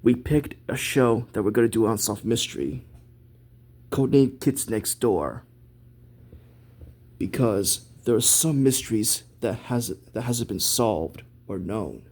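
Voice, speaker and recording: Slow, husky-voiced man telling a story. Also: mid-range voice, darkish tone. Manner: rambling, halting storytelling with restarts. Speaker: amateur web series host. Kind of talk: casual hobby role-play chat.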